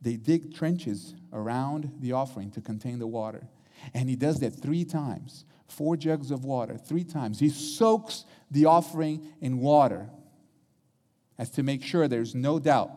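A man's voice: medium pitch, dark tone, big-room sound. A man preaching a sermon, retelling a story dramatically and acting out the quotes.

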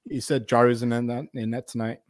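A man's voice: medium pitch, flat delivery, fairly quick, dry recording. A tipsy man co-hosting a casual sports podcast, swearing and teasing his co-host. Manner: profane, teasing. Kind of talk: casual chat.

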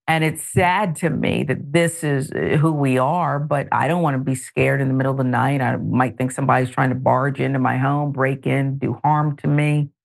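A middle-aged woman hosting a news talk show, reading stories and adding pointed, animated commentary. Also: a bass voice, creaky. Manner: animated, editorializing with pointed asides.

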